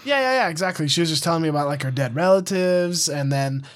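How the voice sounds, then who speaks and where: A man's voice: fairly high pitch, expressive, fast talker. A man co-hosting a podcast in casual chat, easygoing and hedging, with frequent laughs. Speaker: podcast co-host.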